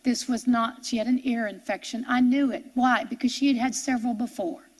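A middle-aged woman preacher giving an earnest sermon testimony, storytelling with halting restarts and building to impassioned preaching. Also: fairly high pitch, steady tone, a little mellow.

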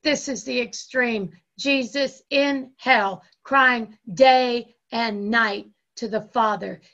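Gravelly bright-voiced woman preaching. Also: fairly high pitch, dull audio. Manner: impassioned preaching with slow, drawn-out emphasis and repeated phrases. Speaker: pastor. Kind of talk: sermon.

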